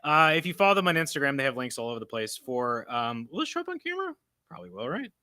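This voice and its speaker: Bright, crisp-voiced man hosting casually. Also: medium pitch, big pitch swings, fast, no room sound, clean studio sound. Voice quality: froggy voice. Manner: rambling, self-correcting, laughs often. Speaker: host. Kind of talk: casual live-stream chat. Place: comic book store.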